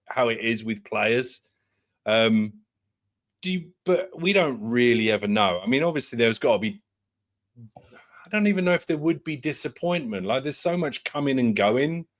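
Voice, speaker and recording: A man co-hosting a casual football podcast, chatty and quick to laugh. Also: medium pitch, expressive. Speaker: co-host.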